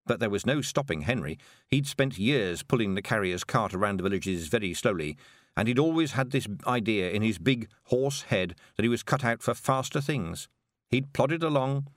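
A man reading a storybook aloud, expressive and lively. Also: fairly low pitch, dry recording, studio quality. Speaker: audiobook narrator. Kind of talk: scripted storybook narration.

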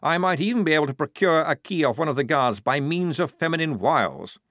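A man's voice: fairly high pitch, expressive, fairly quick, a bit bright, no room sound, studio quality, pitched above the performer's own voice. A man voicing an eager, naive, upper-class young male lieutenant, in a raised, chirpy voice. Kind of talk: audiobook character voice.

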